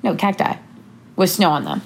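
A young woman with a slightly low voice, talking in a bubbly, chatty way. She recaps her year in casual conversation with a friend, words tumbling out with plenty of "like". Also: wildly swooping pitch, moderate pace. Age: young adult.

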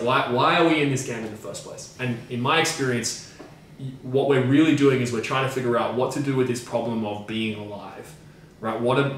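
A man's voice: mid-range voice, fairly bright tone. Guy on a podcast going hard, swears a lot, repeats himself for punch, sounds far off in a super echoey room. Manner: emphatic and profane, with repeated phrases. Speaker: podcast co-host and coach. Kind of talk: casual podcast discussion. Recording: very echoey room, mic at a distance, faint noise.

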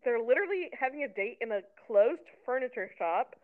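On a laid-back recap podcast, a twenty-something female co-host talks a little fast in an animated, fairly high voice. She's sarcastic and talkative, constantly using "like." The audio sounds tinny, as if through a phone.

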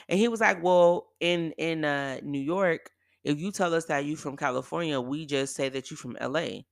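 A woman's voice: low voice, normal speed, vocal fry, no room sound, clean studio sound. A woman from the Bay Area hosting a podcast, retelling a dating argument in an emphatic, exasperated way. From San Francisco Bay Area. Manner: emphatic, exasperated retelling with quoted back-and-forth. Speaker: podcast host. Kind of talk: casual storytelling monologue.

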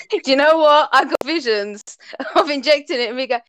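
Woman, podcast co-host, teasing casual chat, high lively voice. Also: moderate pace, no echo. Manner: teasing, laughs a lot.

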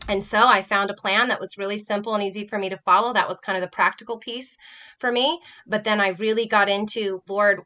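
A woman's voice: mid-range voice, pushed and bright. A woman guest and health coach, sharing her personal story in an earnest, reflective way during a faith-based podcast chat.

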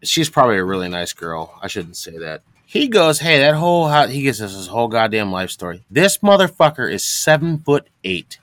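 A man's voice: on the low side, big pitch swings, moderate pace, hardly any pauses, fairly bright tone, dry recording. Podcast co-host, male, rambling storyteller, profane, dry mic. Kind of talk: crude casual chat.

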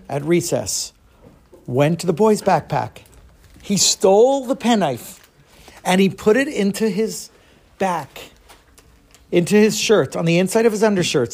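A man telling a story to a group of children, expressive, with dramatic pauses. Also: high-pitched, breathy edge.

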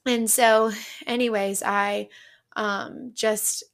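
Husky-edged woman telling her story. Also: fairly high pitch, fairly even intonation. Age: young adult. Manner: earnest, halting, many fillers and restarts. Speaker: podcast guest. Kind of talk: personal testimony.

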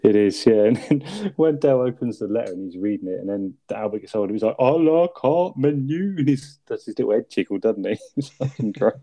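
A man's voice: fast talker, few pauses, mellow, dry recording. A man co-hosting a casual chat about a sitcom episode, laughing often and acting out lines. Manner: laughs often, acts out lines in squeaky voices. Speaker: podcast co-host.

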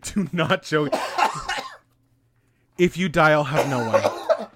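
A man's voice: on the high side, animated, slow pace, heavy background noise. A man in his late twenties co-hosting a casual podcast, giddy and joking, swearing a lot. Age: 20s. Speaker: podcast co-host.

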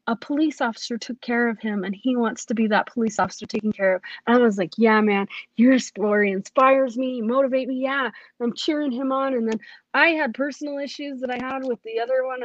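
A woman's voice: on the high side, dry recording, lo-fi sound. A woman, a police academy cadet, tells her personal testimony in an earnest, emotional way, often restarting her sentences.

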